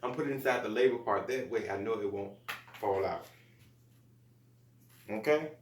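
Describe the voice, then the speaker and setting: A man's voice: fairly low pitch, normal speed, echoey room, a little hiss or hum. A man hosting a gardening channel, talking viewers through a hands-on project in a chatty, upbeat way and often calling them "you guys.". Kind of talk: casual how-to vlog.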